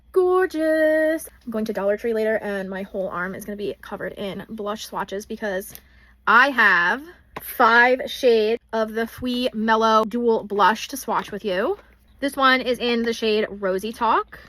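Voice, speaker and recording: A woman's voice: fairly high pitch, fairly bright tone, no echo. Chatty young woman gushing over makeup. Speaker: beauty vlogger. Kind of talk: casual makeup swatch vlog.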